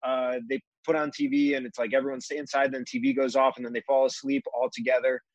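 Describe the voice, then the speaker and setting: A man's voice: mid-range voice, flat delivery, quick pace, dry recording, highs cut off. A man co-hosting a casual podcast, jumping in animatedly to fill in plot details. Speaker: podcast co-host. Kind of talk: casual chat, plot recap.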